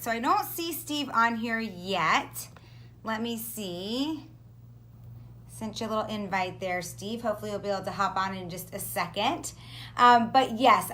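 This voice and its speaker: Bubbly woman hosting a live stream. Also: medium pitch. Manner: upbeat, gushing, keeps saying excited. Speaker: host. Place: home in South Florida.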